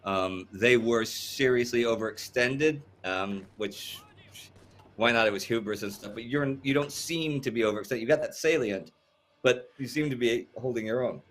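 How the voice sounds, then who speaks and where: A man's voice: medium pitch, normal speed, fairly bright tone. A man hosting a casual livestream chat, rambling and repeating words as he thinks, with a cough that keeps catching him. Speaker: livestream host.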